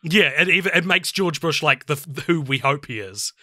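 A young man co-hosting a casual film review podcast, chatty and laughing often, with halting restarts. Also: on the high side, animated, bright, forceful tone, dry recording, studio quality. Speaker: podcast co-host.

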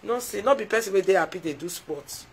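Chatting on a live stream in a Nigerian Pidgin English accent, a woman heartfeltly and effusively thanks her viewers again and again. She speaks fast at medium pitch with lively intonation and a slightly rough voice, in a low-quality recording.

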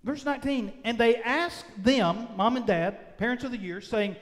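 A male pastor preaching a sermon, with emphatic drawn-out phrases that swing between loud and soft. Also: very high-pitched. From United States. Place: church sanctuary. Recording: long reverb of a church sanctuary.

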